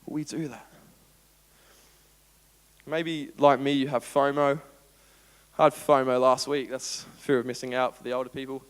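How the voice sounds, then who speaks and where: An Australian man preaching a sermon as pastor, animated and playful, acting out everyday scenes. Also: mid-range voice, normal speed, long pauses, smooth. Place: church auditorium. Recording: long church hall reverb.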